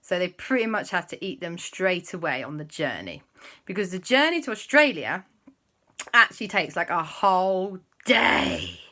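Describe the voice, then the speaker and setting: A woman's voice: fairly low pitch, big pitch swings, normal speed, bright, forceful tone. A woman with a playful, chatty manner, making up and telling a story for children. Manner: playful, chatty, jumps into silly voices. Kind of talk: improvised story narration for children.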